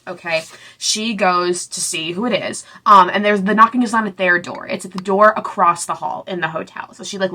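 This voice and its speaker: Young woman vlogger, lowish bright voice, swears freely and dramatizes the story. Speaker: book recap vlogger. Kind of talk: casual book recap.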